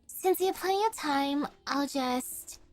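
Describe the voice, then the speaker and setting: A woman's voice: high voice, measured pace, faint music behind. A woman voicing a lazy, sleepy young female soldier doll who talks in a drowsy, teasing way.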